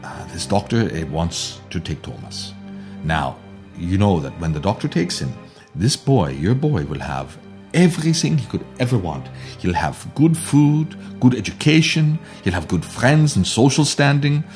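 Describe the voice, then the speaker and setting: A man playing a stern Mother Superior in a told story, calm and deliberate. She persuades in a measured voice that stays fairly low, and the delivery swings with lively pitch. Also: faint music behind. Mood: firm.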